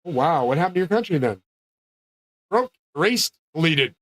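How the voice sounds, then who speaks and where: A man's voice: a little high, sing-song, moderate pace, dry recording. A man delivering a rambling solo monologue, ranting in a profane, grandiose way. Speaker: streamer.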